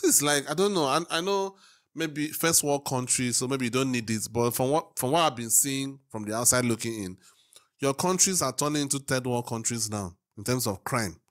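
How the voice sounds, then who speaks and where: A man from Africa hosting a casual reaction video, musing and thinking aloud with pauses. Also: mid-range voice.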